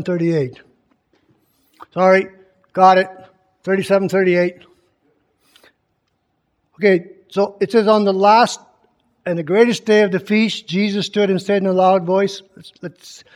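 A man preaching in a conversational teaching style, reading scripture aloud with emphasis and often quizzing his listeners with questions. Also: high voice. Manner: keeps quizzing the congregation with questions.

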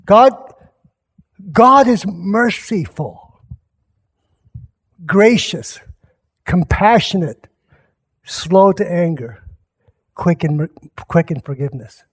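A man's voice: sits high, lively intonation, slow pace, pauses often, breathy edge. A man who is a pastor, telling a rambling personal story in a casual sermon, often restarting and talking straight to his listeners. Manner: rambling, self-interrupting, chuckling asides to listeners.

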